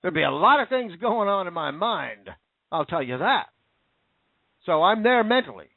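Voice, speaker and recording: A man's voice: high voice, sing-song, normal speed, gravelly, dry recording. A man delivering an angry, profane rant full of rhetorical questions, turning sarcastic at times. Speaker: commentator. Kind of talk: angry ranting monologue. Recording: tinny phone-like dry sound.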